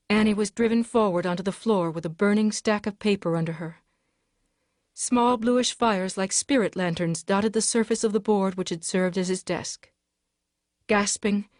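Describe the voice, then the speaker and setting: A woman's voice: medium pitch, dry recording, studio quality. Woman narrating a dramatic audiobook.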